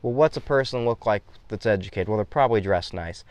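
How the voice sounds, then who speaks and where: A man's voice: lowish voice, fast talker, darkish tone, clean tone, no echo. Chatty man in his thirties. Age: 30s. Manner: chatty, rambling, offers travel tips. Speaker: host. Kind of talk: casual chat.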